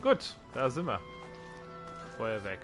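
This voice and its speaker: A man giving relaxed, chatty commentary while playing a video game on stream. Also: mid-range voice, takes it slowly. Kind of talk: casual gameplay commentary. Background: game music.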